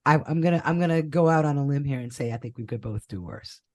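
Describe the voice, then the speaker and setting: A woman's voice: low-pitched, lively intonation, fast talker, dark tone. A woman hosting a casual interview podcast, chatty and playful, laughing often. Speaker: podcast host.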